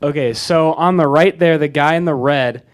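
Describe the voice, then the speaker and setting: A man's voice: on the high side, moderate pace. A teenage boy describing trip photos to an audience in a hesitant, plainspoken way. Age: teens. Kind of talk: casual sharing to an audience.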